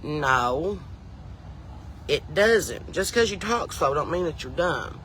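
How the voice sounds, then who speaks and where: A woman's voice: sits low, expressive, slow, a bit bright, a little hiss or hum. A woman with a thick Southern US drawl, telling folksy, rambling comedy stories in casual chat. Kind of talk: chatty comedic storytelling.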